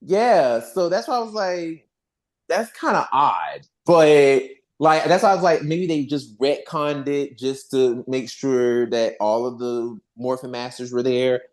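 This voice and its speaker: Give me a profane, animated podcast host recapping a show and voicing characters' lines. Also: mid-range voice, measured pace. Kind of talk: casual fan recap chat.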